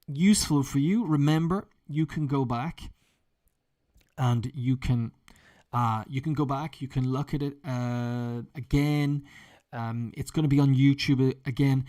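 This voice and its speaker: A man's voice: medium pitch, a little mellow. A man teaching an English lesson, explaining vocabulary with example sentences in a chatty way. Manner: chatty, with frequent fillers and restarts.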